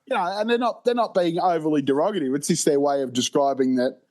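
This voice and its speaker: A man's voice: on the high side, fast. Easygoing man chatting. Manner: relaxed, rambling, many fillers. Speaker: podcast co-host. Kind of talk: casual chat.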